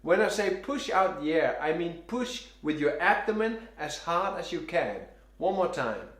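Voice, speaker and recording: A man teaching saxophone breathing and tone, giving calm step-by-step instructions while he demonstrates each exercise himself. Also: on the high side, a little slow. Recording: roomy echo.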